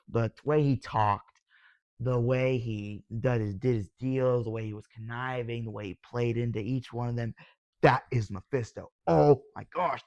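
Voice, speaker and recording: A young man giving a casual, excitable review as a video host, gushing and sometimes yelling. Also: mid-range voice, dry recording. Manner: excitable, gushing, yells when thrilled. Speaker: YouTube reviewer.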